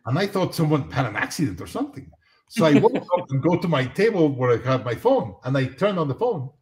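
Man telling a lively story. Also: a little high. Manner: animated, acts out dialogue in anecdotes. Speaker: guest. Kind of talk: storytelling in a live talk.

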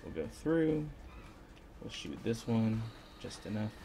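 A man's voice: on the low side, sing-song, slow pace, vocal fry, mellow, slight background noise. A man casually talking through a video game as he plays, half-mumbling to himself. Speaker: gaming video host. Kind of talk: let's-play commentary. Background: faint game music.

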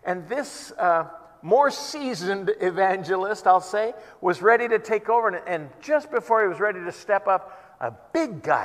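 Pastor guy preaching at church, high-ish voice, earnest and chatty, big hall echo. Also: lively intonation, moderate pace. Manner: earnest, conversational storytelling. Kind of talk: sermon. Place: church worship service. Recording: long reverb in a church hall.

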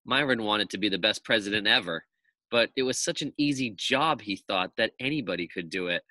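A male teacher reads a children's chapter book aloud to his class, telling the story in a lively, expressive way. His voice is lowish and fairly quick, with no room sound.

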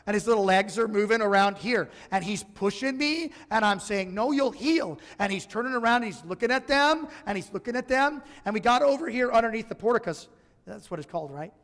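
A man's voice: high-pitched, expressive, brisk, a bit bright. A man preaching a sermon to his congregation in a conversational, humorous way. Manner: conversational and humorous, acts out voices in his stories. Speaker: pastor. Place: church sanctuary. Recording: church live stream with long hall reverb.

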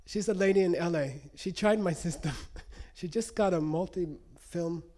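A man's voice: high voice, normal speed, mellow. A man giving a live lecture to an audience, teaching in a conversational way and checking in often with "okay?". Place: lecture room.

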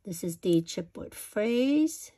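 A woman's voice: medium pitch, expressive, slow pace, dark tone. A woman vlogger showing off her craft paper haul in a chatty, gushing way, correcting herself as she goes. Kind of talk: casual show-and-tell.

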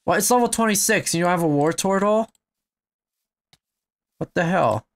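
A young man commentating his game, excitable and swearing, shouting at what happens on screen. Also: high voice, moderate pace. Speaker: gamer. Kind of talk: let's play commentary.

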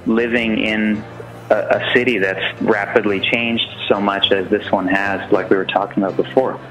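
A man with a somewhat low voice hosts a podcast, talking in an easygoing and thoughtful way. He hesitates and restarts, padding his thoughts with fillers. Soft music plays faintly behind him. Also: fairly even intonation, low-quality recording. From San Francisco. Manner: halting, reflective, many fillers. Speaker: podcast host. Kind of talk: casual chat.

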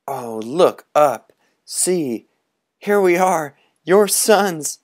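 A man voicing a chorus of excited boys calling out as they fly on a kite, in a storybook reading. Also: fairly high pitch, extremely slow, no room sound, studio quality, voice pushed up, full character voice. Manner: raised, calling out, shouting upward.

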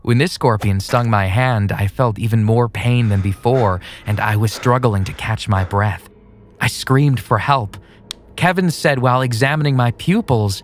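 A man narrating a first-person horror story in a steady, plain scripted read. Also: mid-range voice, moderate pace, slight background noise. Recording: soft music underneath.

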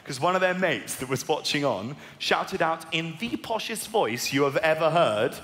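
A man in his twenties with a posh southern English accent, doing a self-mocking stand-up routine with sudden high squeaky outbursts. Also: expressive, moderate pace. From England. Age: 20s. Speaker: stand-up comedian. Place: large arena on stage. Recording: live arena recording with long reverb and crowd noise.

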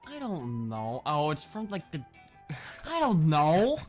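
A woman's voice: low-pitched, huge pitch swings, takes it slowly. A woman playing a video game with a friend, trash-talking her in a competitive, mock-hostile way. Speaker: let's play co-host. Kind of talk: casual gameplay commentary. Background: game music.

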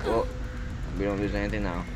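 A man's voice: lowish voice, flat delivery, fairly quick, a little mellow, faint music behind. A man giving live gameplay commentary, exclaiming and pleading at other players. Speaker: gaming YouTuber.

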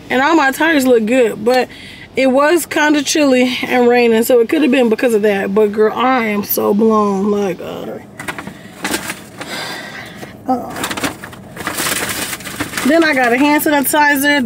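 A woman in her twenties talks straight to the camera in a relaxed vlog, candid and openly venting, cursing freely as she goes. Her voice sits a little high. The room sounds echoey, with faint noise underneath. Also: normal speed. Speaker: vlogger. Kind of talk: casual vlog chat.

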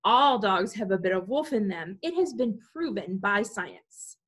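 A woman leading a library storytime, reading a picture book aloud to preschoolers in an animated way and talking to the children directly. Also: mid-range voice, measured pace, husky.

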